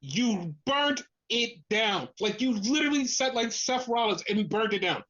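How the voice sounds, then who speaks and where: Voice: measured pace, dull audio. A podcast co-host ranting in casual talk, swearing constantly and sounding fed up. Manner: profane, exasperated ranting; animated, mimics others in a lower voice.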